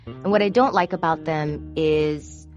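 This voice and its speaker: A woman who produces court shows tells candid, confessional stories about her job and grows animated when she quotes herself. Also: deep voice, unhurried, muffled recording, soft background music. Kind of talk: personal storytelling.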